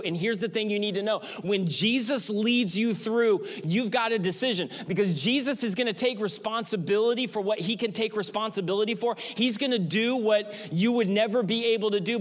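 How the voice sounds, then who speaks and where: High-voiced male pastor preaching. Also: fairly bright tone. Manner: conversational, emphatic, repetitive. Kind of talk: sermon.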